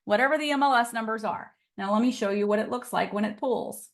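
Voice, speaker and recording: A woman's voice: on the high side, quick pace. Chatty, upbeat woman teaching a class. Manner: chatty, upbeat, laughs often. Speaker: real estate trainer. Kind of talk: casual live online class.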